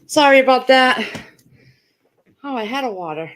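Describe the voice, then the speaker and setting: A talkative woman with a slightly raised voice runs a relaxed livestream from her house. She rambles from one thing to the next and calls out hello to viewers by name. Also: high voice, moderate pace. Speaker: livestream host. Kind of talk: casual livestream chat. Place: at home.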